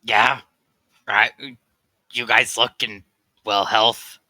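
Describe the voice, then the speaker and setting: A man's voice: fairly low pitch, flat delivery, drawn-out words, sharp tone, no echo. A man playing in a tabletop game, talking hesitantly with stammers. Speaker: player. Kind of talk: casual tabletop play.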